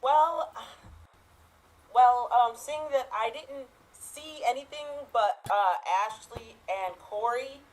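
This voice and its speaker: A man's voice: extremely high pitch, takes it slowly, a little hiss or hum, voice pushed up, rough recording. A man voicing a giggly woman giving her verdict in an improv comedy bit.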